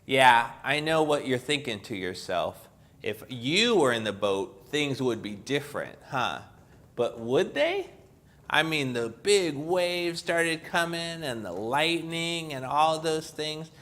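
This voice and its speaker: A man's voice: a little high, animated, slow, a bit bright. A man hosting a children's church show, teaching in a playful way that talks straight to the kids.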